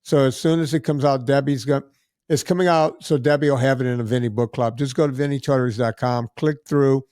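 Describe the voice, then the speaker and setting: A man's voice: medium pitch, fairly even intonation, quick pace, darkish tone, smooth, no echo, clean studio sound. Chatty male podcast host. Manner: chatty, rambling plugs. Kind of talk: casual podcast wrap-up.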